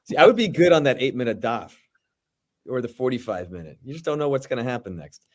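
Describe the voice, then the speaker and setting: A man's voice: medium pitch, very animated. A male podcast co-host chimes in with a mid-range voice. He is casual and a bit unsure, and he restarts his questions as he goes. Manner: hesitant, halting questions. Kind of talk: casual conversation.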